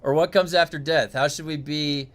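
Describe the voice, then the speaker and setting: A man's voice: fairly high pitch, steady tone, normal speed, a bit bright. A man who streams games muses aloud in a rambling, curious way and swears now and then, talking into a desk mic. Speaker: game streamer. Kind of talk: casual livestream musing.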